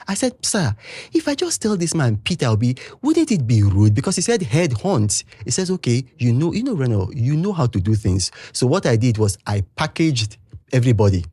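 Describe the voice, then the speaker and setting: A man's voice: mid-range voice, fairly quick, breathy edge, no room sound. Emphatic Nigerian man in an interview. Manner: emphatic, animated, heated. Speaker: political interview guest. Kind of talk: interview talk.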